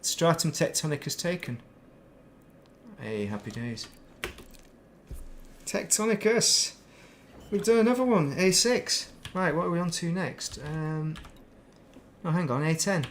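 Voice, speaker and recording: A man's voice: on the high side, animated, normal speed, slight background noise. A middle-aged man from England, chatting casually and rambling while streaming a space game, self-mocking and chatty. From northern England.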